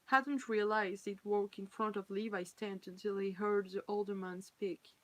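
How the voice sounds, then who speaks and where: A woman with a French accent and French as her first language, reading fan fiction aloud on a live stream and pausing to chat and laugh at her slips. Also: mid-range voice, fairly even intonation, a bit bright, no room sound, poor audio.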